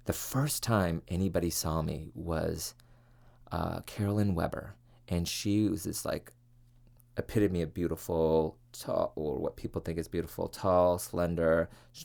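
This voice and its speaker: A man's voice: deep voice, gravelly. A man who hosts a podcast and was once a TV reporter, telling his life story in an earnest, reflective way with many fillers. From California, US. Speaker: podcast host, former TV reporter. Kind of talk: personal storytelling monologue.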